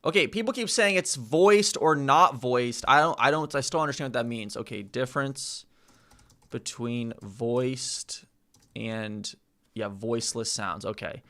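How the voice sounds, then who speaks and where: A man's voice: mid-range voice, unhurried, pushed and bright. A man vlogging as he practises pronunciation, repeating words over and over and mocking his own attempts. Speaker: vlogger learning a language. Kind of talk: casual vlog practice session.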